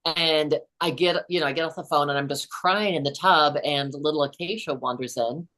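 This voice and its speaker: A woman's voice: sits low, normal speed, fairly bright tone. A woman in her sixties, a guest on a podcast, telling a personal story in an earnest, chatty way with many "you know"s. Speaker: podcast host and author, guest. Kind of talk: storytelling in a casual interview.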